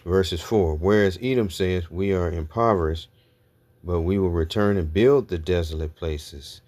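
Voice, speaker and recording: A man's voice: low voice, a little slow, a little mellow. A man teaching a sermon, reading scripture aloud and checking in with his listeners with "all right?" and "okay?" after almost every point. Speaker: preacher.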